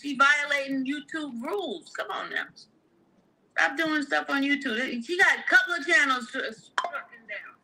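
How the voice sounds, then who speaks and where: A woman's voice: high-pitched, unhurried, pushed and bright, slight background noise, rough recording. A woman in casual chat, talking in a brash and dismissive way.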